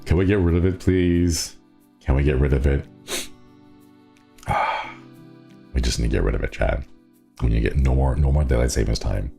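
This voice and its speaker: A man's voice: extremely low pitch, moderate pace, vocal fry, pauses often, mellow, soft background music. A man with a stuffy nose, chatting playfully and rambling on a casual stream from a small city apartment.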